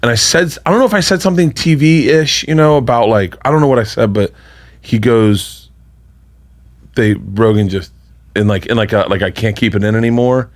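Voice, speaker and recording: A man in casual podcast talk, telling a long story with lively swings of pitch. He curses freely and acts out the voices of people in his story, at an ordinary middle pitch. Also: normal speed. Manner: animated, profane, acts out quotes. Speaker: podcast guest, comedian.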